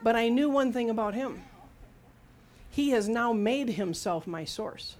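A woman's voice: fairly high pitch, lively intonation, a little slow, a little mellow. A middle-aged woman preaching a sermon in a conversational, humorous storytelling way, acting out quotes as she goes.

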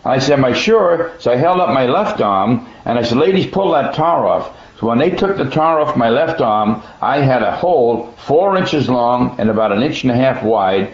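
A man's voice: medium pitch, animated, moderate pace, few pauses. Earnest man giving a folksy testimony. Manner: plainspoken folksy storytelling with restarts; earnest, emphatic. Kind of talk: personal testimony. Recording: dull echoey room recording.

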